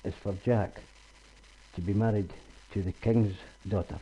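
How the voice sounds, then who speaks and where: A kindly old man who grants wishes speaks with calm assurance in a husky, mellow voice, put on by a Scottish man telling the tale. He sounds low and unhurried, like a wise elder in a fireside story. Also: lo-fi sound.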